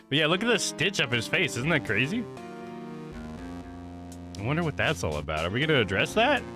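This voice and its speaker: A man's voice: a little high, huge pitch swings, normal speed, pauses often, over music. Casual chatty male game streamer. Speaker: streamer playing a game live. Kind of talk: live game commentary.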